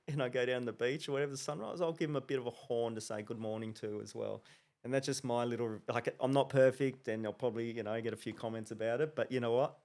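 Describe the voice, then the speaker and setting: A man, a podcast co-host telling a lively story in casual chat, laughing often. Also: medium pitch, quick pace. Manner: animated storytelling with laughs and slang.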